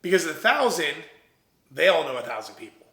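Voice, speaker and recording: A young man from Ohio tells his business story with a bright, fairly high voice. He talks in a casual, animated way, acting out the lines of everyone in the story. The room sounds echoey around him. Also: brisk, gravelly. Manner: animated, quotes himself and others in lively voices. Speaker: entrepreneur guest.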